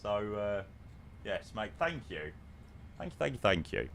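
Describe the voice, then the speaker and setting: A man's voice: fairly low pitch, sing-song, unhurried, creaky, a bit bright, a little hiss or hum. A man chatting casually on a live stream, answering viewers with plenty of ums and friendly "mate"s. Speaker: live streamer flying a flight simulator.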